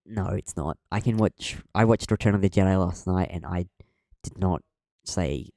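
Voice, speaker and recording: A man's voice: low voice, moderate pace, a little mellow, dry recording, studio quality. A young man co-hosting a podcast, chatting casually and rambling, with many ums and restarts. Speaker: podcast co-host.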